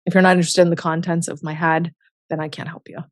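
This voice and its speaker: A confident woman talks as an interview guest in a slightly low voice. She is emphatic and outspoken, laughs often and fills her sentences with "like." Her voice sounds dry and close, with no room around it. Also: flat delivery, quick pace, no room sound. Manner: emphatic and self-assured, heavy use of "like". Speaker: author and business co-founder, interview guest. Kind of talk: candid conversational interview.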